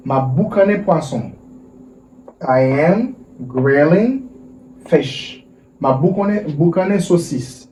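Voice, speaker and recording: Male English teacher, slow repetitive drilling, echoey far-off mic with faint hiss. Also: on the high side, animated, mellow. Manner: slow drilling, repeats words and asks for repetition. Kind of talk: vocabulary lesson for Haitian Creole and French speakers. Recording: roomy, distant mic with faint noise.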